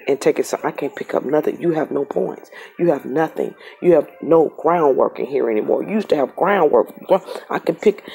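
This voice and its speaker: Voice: mid-range voice, gravelly, mellow, husky. A tarot reader giving a casual reading straight to the camera, emphatic and repetitive.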